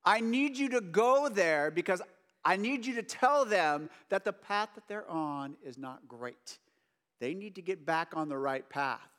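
A man's voice: high voice, animated, measured pace, fairly bright tone. A man voicing God as a patient but insistent figure, coaxing and repeating his request. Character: patient insistent divine voice giving orders.

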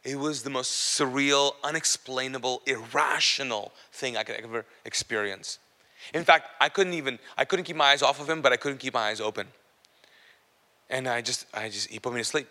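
A man minister giving a sermon testimony, telling his story and often dropping to a low, hushed voice. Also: normal speed. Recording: long hall reverb.

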